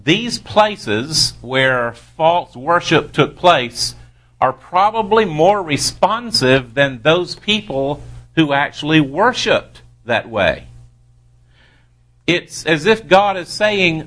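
A man teaching a verse-by-verse Bible study, reading scripture aloud and pausing to explain it with careful, deliberate emphasis. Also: a little high, sing-song, fairly bright tone.

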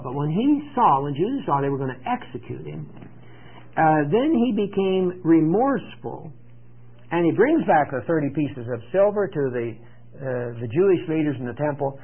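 A man with a fairly high voice leads a Bible study, retelling the story in a loose, conversational way full of pauses and filler words. The sound is thin and tinny, like an old radio broadcast. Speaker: Bible teacher.

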